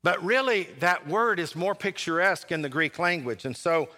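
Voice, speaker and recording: A man pastor preaching a sermon, with dramatic pauses and big swings between loud and soft. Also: sits high, lively intonation. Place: church sanctuary.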